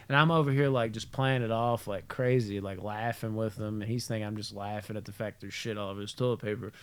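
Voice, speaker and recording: A man's voice: medium pitch, fast talker, few pauses, clean tone. A young man co-hosting a podcast, telling a funny story in a casual chat, swearing freely and laughing as he talks. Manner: animated storyteller, swears freely, laughs through his lines. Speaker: podcast co-host.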